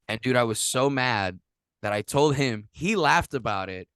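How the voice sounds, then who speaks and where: Male podcast host from Puerto Rico, animated storyteller, salty language, mid-pitched, dry sound. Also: normal speed, smooth, no room sound. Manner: animated storyteller, swears a lot, acts out quotes. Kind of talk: casual podcast chat.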